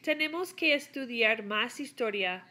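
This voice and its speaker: A woman reading the lines of an excited, gossipy teenage girl from a class reader, in a gushing way. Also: on the high side, moderate pace. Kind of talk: read-aloud of a class reader.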